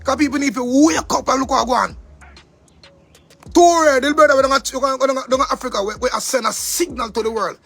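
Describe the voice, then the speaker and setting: A man's voice: very high voice, a little fast, gravelly, a bit bright, slightly rough, faint music behind. A man with a Jamaican accent delivering an angry, profane monologue rant, repeating himself for emphasis. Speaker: commentator.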